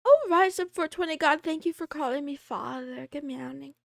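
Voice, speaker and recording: A woman's voice: sits high, moderate pace, creaky, no echo, clean studio sound. A woman streaming live, greeting viewers by name and chatting casually with frequent giggles. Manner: giggly, playful, reads chat names aloud. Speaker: VTuber streamer.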